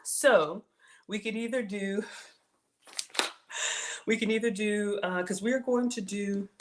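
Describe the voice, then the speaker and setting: A woman with a Southern US accent hosts a casual cooking livestream, chatting with viewers and thanking them often while trailing off and restarting her sentences. Her voice is mid-range with fairly even intonation and a slow pace, and there's slight background noise.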